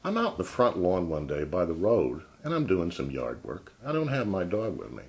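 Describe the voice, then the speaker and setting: A man vlogger tells a casual anecdote in a very deep voice. His pitch swings widely as he moves from quiet asides to excited outbursts. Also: moderate pace. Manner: animated, swinging from low mutters to excited outbursts. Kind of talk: casual spoken storytelling.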